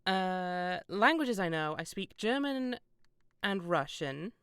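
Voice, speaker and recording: A woman's voice: lowish voice, expressive, slow pace, a bit bright, clear, resonant tone, no room sound, clean studio sound. A young British woman streaming a game, chatting casually in a rambling, self-deprecating way with frequent laughs. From Britain. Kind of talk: casual gameplay stream chat.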